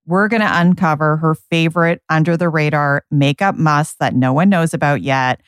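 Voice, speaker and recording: A woman co-hosts a podcast, upbeat and gushing as she chats. Her voice is lowish and recorded dry and close. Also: no room sound. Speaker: podcast co-host. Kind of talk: casual podcast chat.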